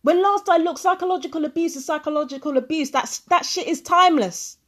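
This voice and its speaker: A woman's voice: very high-pitched, fairly quick, fairly bright tone. A woman ranting angrily in a vlog, swearing and firing repeated questions at a recording she plays. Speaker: vlogger. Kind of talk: angry commentary over a played recording.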